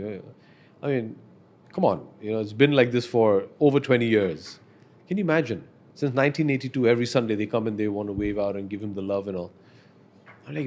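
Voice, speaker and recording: Podcast guest, forties, deep-leaning voice, sincere and animated storyteller. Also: male voice, a little fast. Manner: earnest, reflective, animated when telling stories.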